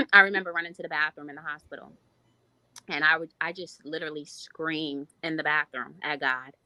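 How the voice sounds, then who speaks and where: A woman in her thirties gives a heartfelt, reflective testimony as a podcast guest. Her voice is bright and slightly low-pitched, and it is recorded dry and close. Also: steady tone, a little fast, no echo, rough recording. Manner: heartfelt, reflective, speaks in long flowing runs. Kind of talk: personal testimony in a podcast interview.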